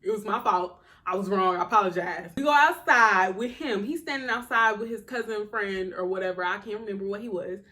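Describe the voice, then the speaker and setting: A young woman telling a personal story in a casual, slangy, animated way in a storytime vlog. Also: mid-range voice, a little fast, hardly any pauses. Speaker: vlogger.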